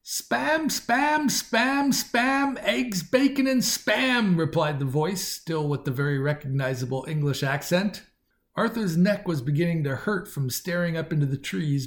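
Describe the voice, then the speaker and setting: A man reads a science fiction story aloud with measured, lightly wry narration. His voice sits a little higher than most men's. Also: darkish tone. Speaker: audiobook narrator. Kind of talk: scripted narration.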